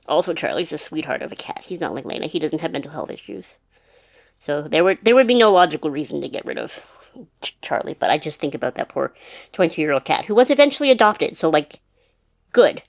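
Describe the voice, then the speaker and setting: A woman's voice: low voice, big pitch swings, a little fast, gravelly, no echo, clean studio sound. A young woman chatting casually in a rambling vlog, full of restarts and fillers. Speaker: vlogger. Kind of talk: casual chat. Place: her mom's house.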